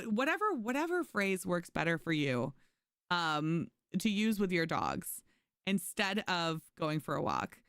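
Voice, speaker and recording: A young adult woman streamer telling stories in casual chat with her viewers, animated and giggly. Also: lowish voice, clear, resonant tone, no room sound, clean studio sound.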